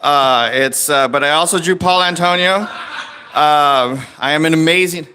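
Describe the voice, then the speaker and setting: A man's voice: on the high side, unhurried, pushed and bright, slight background noise. A man hosting a live comedy show and livestream, rambling with lots of ums and uhs. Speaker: show host and emcee. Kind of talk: livestream emcee chat. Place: comedy club stage.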